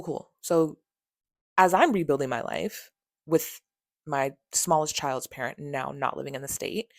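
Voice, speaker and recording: A woman in her thirties recounts a painful story straight to camera, exasperated and sarcastic, cursing without holding back. Her voice sits on the low side and sounds dry and close, with little room around it. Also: gravelly, no room sound. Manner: candid, exasperated, sarcastic retelling; swears freely. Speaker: vlogger. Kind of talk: storytime vlog.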